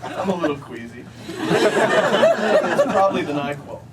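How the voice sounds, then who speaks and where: A middle-aged man, an author at a book signing, reading comic pieces and telling stories to an audience with a wry, deadpan delivery. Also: fairly high pitch, measured pace. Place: bookstore event room with a live audience. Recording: distant amateur recording, loud crowd laughter and noise.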